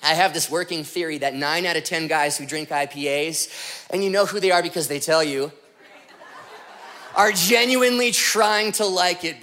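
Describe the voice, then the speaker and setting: This man's voice sits high and moves at a moderate pace as he delivers a humorous sermon. He tells lively, jokey anecdotes, puts on character voices, and then drives home his message.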